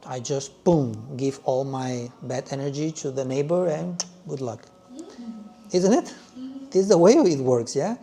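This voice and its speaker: A male yoga teacher leading a class in an animated way, with halting phrasing and frequent "yes?" check-ins. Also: mid-range voice, creaky, soft background music. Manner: loose, halting phrasing with restarts.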